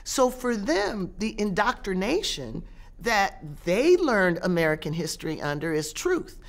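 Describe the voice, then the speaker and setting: A middle-aged woman professor talks through her argument at an average pitch. She pauses often, repeating words as she restarts a thought, but keeps a steady, deliberate line. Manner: measured, with frequent restarts and pauses. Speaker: guest, professor and author. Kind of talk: interview answers.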